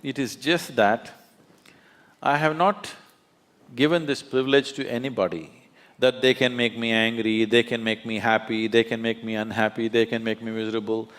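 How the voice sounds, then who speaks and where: A man's voice: medium pitch, fairly even intonation, normal speed, a bit bright. A man, a spiritual teacher speaking emphatically onstage, often laughing as he tells stories. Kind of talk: onstage conversation. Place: large auditorium.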